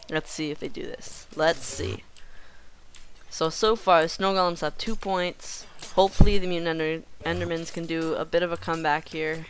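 A woman giving casual gameplay commentary in a playful way, joking with the game creatures and bursting into excited yells. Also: on the low side, moderate pace, slight background noise.

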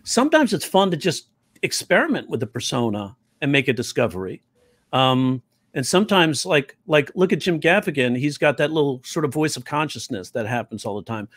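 A man's voice: a little high, a little fast, no echo. Middle-aged guy teaching comedy, chatty, does little voices in his stories, dry close sound. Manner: animated storyteller who acts out quoted voices. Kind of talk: conversational interview.

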